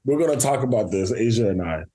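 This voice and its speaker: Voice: mid-range voice, animated, quick pace, warm tone, breathy edge. A podcast co-host in casual chat who mostly backs up the guest with short replies and laughs along.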